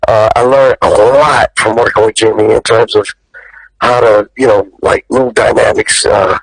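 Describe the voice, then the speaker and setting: A male actor telling stories as an interview guest, lively and profane, jumping up in pitch when he quotes people. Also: normal speed, dry recording, poor audio. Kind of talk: animated storytelling in an interview.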